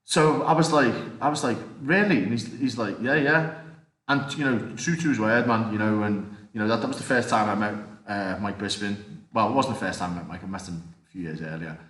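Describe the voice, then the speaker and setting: A man, a martial artist and actor, telling animated anecdotes as an interview guest. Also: fairly low pitch, a little fast. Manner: animated anecdotes, acts out quoted voices. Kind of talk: casual interview storytelling. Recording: roomy echo.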